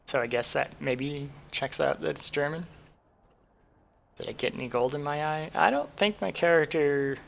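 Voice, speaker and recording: A man's voice: mid-range voice, vocal fry, sharp tone. A man casually commenting on a game he is playing, rambling and thinking aloud with self-deprecating asides. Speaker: streamer.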